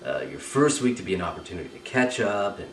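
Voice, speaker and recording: A man's voice: low voice, big pitch swings, fast, roomy sound, distant mic, slight background noise, poor audio. A man teaching a recorded training lesson, explaining step by step and often checking with "right?" and "okay?". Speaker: communication trainer.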